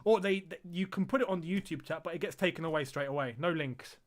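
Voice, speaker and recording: A man with a fairly high voice for a man calls a live match from his streaming desk. He chats loosely to his viewers, laughs easily and yelps when something happens on the pitch. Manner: excitable, chatty, quick to laugh and cry out at the action. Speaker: streamer hosting a football watch-along. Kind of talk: live casual match commentary and chat.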